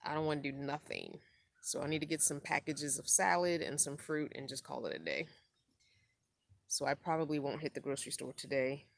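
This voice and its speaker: Tired middle-aged woman rambling on her live stream, real low voice, dry close sound. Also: lively intonation, brisk, vocal fry, dry recording. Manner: laid-back, rambling, reads viewer comments aloud. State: tired from lack of sleep. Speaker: van-life vlogger hosting a live stream. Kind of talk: casual live-stream chat.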